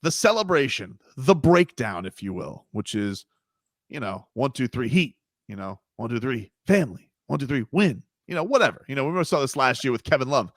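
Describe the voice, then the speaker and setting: Male sports radio host, rambling and emphatic, lively pitch, dry studio sound. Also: moderate pace, no room sound. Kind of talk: sports talk radio banter. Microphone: studio mic.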